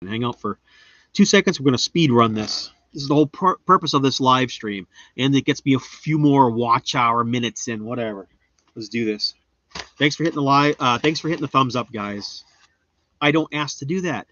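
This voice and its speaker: A man's voice: moderate pace, pushed and bright. A goofy man rambles through a casual live stream, joking at his own expense and jumping from one thought to the next. His voice sits in a middle register and sounds a bit dull and lo-fi, with very little room echo. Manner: rambling, goofy, self-mocking, jumps into high silly voices. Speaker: homestead gardening livestreamer. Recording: dull, slightly lo-fi dry sound.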